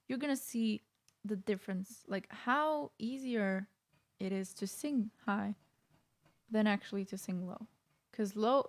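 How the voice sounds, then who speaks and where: Female vocal coach, mid-pitched, explaining singing technique off the cuff in a casual reaction format. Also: darkish tone. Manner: explanatory, loose and conversational with frequent restarts.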